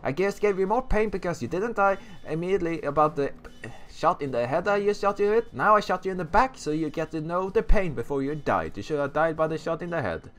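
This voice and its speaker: A man doing let's play commentary on a shooter game, excitable and joking, yelling at enemies. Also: fairly high pitch, brisk. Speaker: gaming YouTuber.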